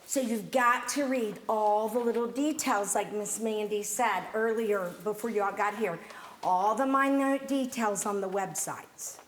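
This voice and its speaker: A woman's voice: medium pitch, unhurried. A woman drama teacher giving motherly advice to students in a workshop. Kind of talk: theatre workshop instruction. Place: echoey rehearsal room with a group. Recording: roomy echo, faint hiss.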